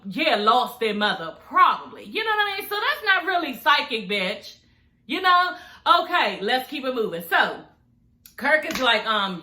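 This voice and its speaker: A woman's voice: fairly high pitch, very animated, unhurried, pushed and bright. A woman YouTuber recapping a reality show in a sassy, blunt, profane chat, laughing often. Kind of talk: casual chat. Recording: echoey room.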